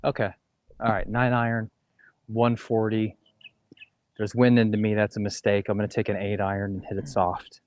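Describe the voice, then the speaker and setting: A man's voice: fairly low pitch, flat delivery, normal speed, darkish tone. A man co-hosting a golf livestream, casually chatting and explaining course details while playing outdoors.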